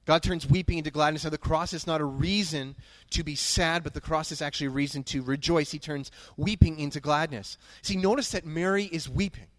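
A man's voice: a little high, a little fast, hardly any pauses, fairly bright tone, no echo. A man preaching a sermon as pastor, earnest and emphatic, who repeats key phrases.

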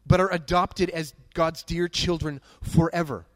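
A pastor preaches a sermon in a fairly high man's voice, earnest and emphatic. He repeats his key phrases. The sound is dry and close. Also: steady tone, a little slow, no echo.

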